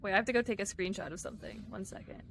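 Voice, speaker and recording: A woman's voice: mid-range voice, very fast, creaky, slight background noise. Giggly woman streaming a game. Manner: chatty, giggly, talks to her viewers. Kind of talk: live-streamed gameplay chat.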